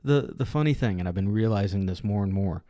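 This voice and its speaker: A man's voice: fairly low pitch, fairly quick, dry recording. Chatty man with a dry close sound. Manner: animated storyteller, laughs often. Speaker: podcast co-host, youth pastor. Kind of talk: casual chat.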